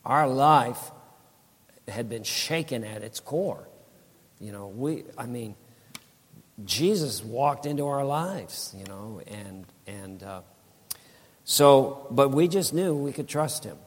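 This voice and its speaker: A man's voice: mid-range voice, expressive, slow, in a large hall. A man in his sixties giving a rambling, folksy church testimony, with many restarts and laughs.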